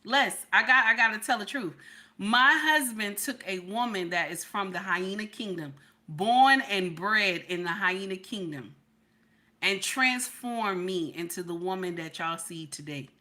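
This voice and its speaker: A woman's voice: mid-range voice, measured pace, pushed and bright. A woman hosting a casual livestream, speaking emphatically to her viewers, repeating herself and asking if they hear what she's saying. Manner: emphatic, repeats lines, talks to chat. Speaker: livestream reaction host.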